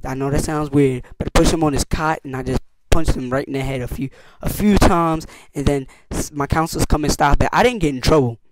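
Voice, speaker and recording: A teenage boy telling camp stories in a casual vlog, slangy and animated, acting out what people said with big jumps in his voice. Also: fairly high pitch, fairly quick, background noise. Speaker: youtuber.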